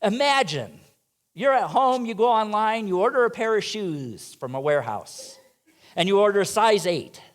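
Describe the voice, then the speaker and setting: A minister preaches in a church sanctuary, posing rhetorical questions to the congregation and tossing them playful asides. His voice sits high with big pitch swings at a moderate pace.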